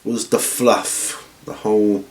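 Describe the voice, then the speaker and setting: A man hosting a hobby channel from home, chatting casually through viewer questions in a rambling, relaxed way with lots of ums and restarts. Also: fairly low pitch, slow pace. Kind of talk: casual Q&A chat. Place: at home, seated with feet up. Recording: roomy room echo.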